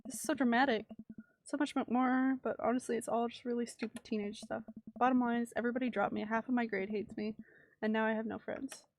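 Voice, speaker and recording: A woman voicing a teenage girl, upset and dramatic, rambling indignant tone, fairly high voice, flat intonation. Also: brisk, no room sound, close to an everyday voice. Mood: ranting.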